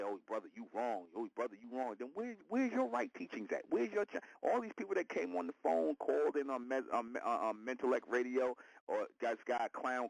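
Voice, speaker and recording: A man hosts an internet radio show, lecturing his listeners in a repetitive, confrontational preaching monologue. His voice is medium-pitched, and the rough recording has no room sound.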